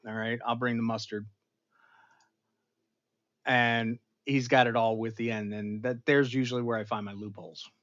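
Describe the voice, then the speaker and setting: Animated man rambling through a recap. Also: moderate pace, pauses often, muffled recording. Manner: animated, rambling storyteller with big swings in pitch and loudness. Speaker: pop culture show host. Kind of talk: casual episode recap livestream.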